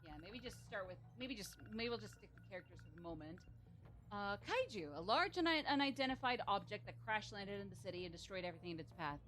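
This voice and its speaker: A woman's voice: medium pitch, big pitch swings, quick pace, fairly bright tone, soft background music. A woman streaming a video game, chatting casually with rambling asides and frequent laughter.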